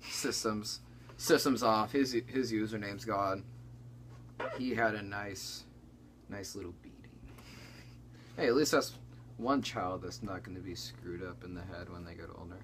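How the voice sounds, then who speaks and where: A man's voice: fairly low pitch, steady tone, a little slow, pauses often, fairly bright tone, a little hiss or hum. A young man hosting a comedy chat, telling a story in a rambling, casual way with lots of restarts. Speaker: comedy channel co-host.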